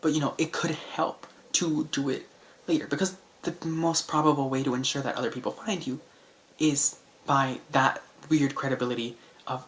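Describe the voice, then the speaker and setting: A young man talks to camera in a loose, rambling vlog, stringing thoughts together with constant "like" and little restarts. He keeps his voice low and soft, as if trying not to wake anyone at night. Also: fairly quick. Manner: chatty, filler-heavy with frequent "like"; speaking softly late at night. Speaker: vlogger. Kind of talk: casual rambling monologue to camera. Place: indoors at home at night under a lamp.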